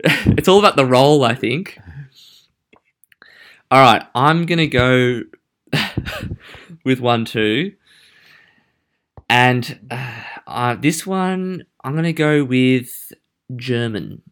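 A man co-hosting a casual chat, playful and quick to laugh. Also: medium pitch, fairly bright tone. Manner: playful, laughs often, tries out put-on accents badly. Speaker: podcast co-host.

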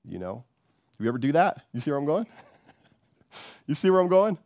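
A man's voice: on the high side, sing-song, a little fast, darkish tone, no room sound, lo-fi sound. A man preaching a sermon with fervor, repeating words and often checking in with "right?". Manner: fervent, repeats words, keeps asking "right?".

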